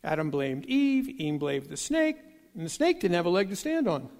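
High-voiced preacher in a reverberant hall. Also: male voice, moderate pace. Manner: folksy storytelling with jokes; animated, acts out dialogue. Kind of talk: sermon.

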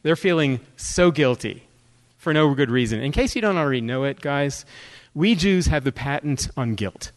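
A guest speaker with a fairly high male voice gives a humorous sermon in a joking, conversational style. An animated storyteller, he shifts from scripture into lively stories and asides, drawing listeners in with quick questions.

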